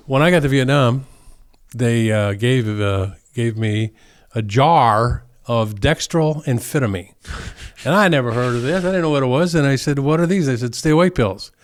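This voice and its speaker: An older man, a Vietnam veteran and podcast guest, telling war stories in a relaxed, animated way and acting out the other people's lines. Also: mid-range voice, normal speed. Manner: animated, acts out voices in anecdotes, chuckles often. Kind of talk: casual storytelling.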